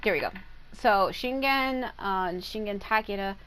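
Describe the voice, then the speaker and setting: A woman's voice: medium pitch, unhurried, fairly bright tone, a little hiss or hum, low-quality recording. Chatty woman explaining a video game. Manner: chatty, stumbles over long foreign names, swears casually. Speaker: gaming content creator. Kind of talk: casual explanatory game talk.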